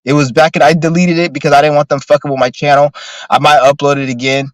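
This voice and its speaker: A man's voice: a little high, level tone, quick pace, dry recording, poor audio. A man ranting casually on a livestream, profane and rambling with lots of filler words. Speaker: streamer.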